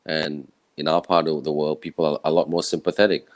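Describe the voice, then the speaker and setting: A man from Malaysia with a croaky, tired voice, giving an earnest, rambling personal talk from home. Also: rumbling low, little pitch movement, fairly quick, dry recording, low-quality recording. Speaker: event speaker. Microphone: own camera and microphone setup.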